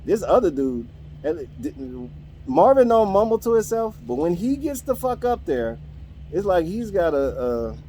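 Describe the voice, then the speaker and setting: A man's voice: high voice, sing-song, measured pace, warm tone, slight background noise. A man, the host of a podcast, ranting in a casual, profane way about his coworkers. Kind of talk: casual rant.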